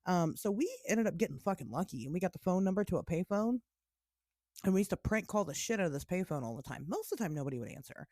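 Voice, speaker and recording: A woman's voice: lowish voice, animated, fast talker, a little mellow, no echo, studio quality. A woman co-hosting a podcast, telling a rambling story with lots of laughs and swearing. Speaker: podcast co-host. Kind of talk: casual storytelling chat.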